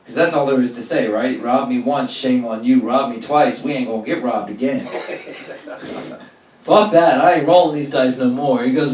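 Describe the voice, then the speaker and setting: A young adult man spins a profane stand-up story, jumping into the voices of the people in it. His pitch sits in the middle. He sounds roomy and set back from the mic. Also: moderate pace, far from the mic. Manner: profane, animated storytelling with acted-out quotes. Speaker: stand-up comedian.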